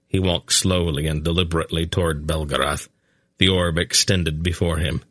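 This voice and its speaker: A man narrating a fantasy audiobook in a steady, measured reading. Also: extremely low pitch, no room sound, clean studio sound.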